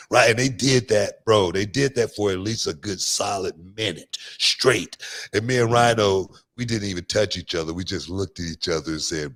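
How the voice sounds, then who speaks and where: A man with a low, deep voice hosts a laid-back chat. He tells stories in a rambling way, restarting sentences and leaning on fillers. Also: moderate pace. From Houston, Texas. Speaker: podcast host. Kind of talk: casual chat.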